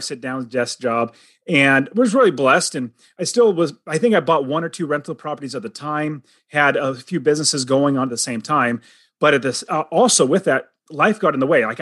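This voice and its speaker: Middle-aged guy telling his story on a show, earnest, kinda high voice, dry sound. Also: fairly bright tone, no echo. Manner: earnest, dramatic storyteller who acts out quoted lines. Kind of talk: personal storytelling.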